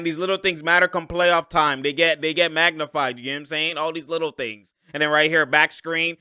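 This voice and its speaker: Bright, laughing man breaking down game film. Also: fairly high pitch, clean tone, no room sound, clean studio sound. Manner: animated, laughs often, slangy, acts out players' reactions. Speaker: basketball analyst and channel host.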